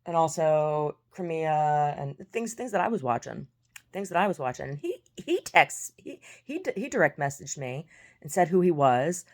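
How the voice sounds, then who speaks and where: Low-voiced blunt American woman. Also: sing-song, moderate pace. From United States. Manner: blunt, sarcastic, swears, laughs often; repeats words and restarts often. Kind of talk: casual storytelling monologue.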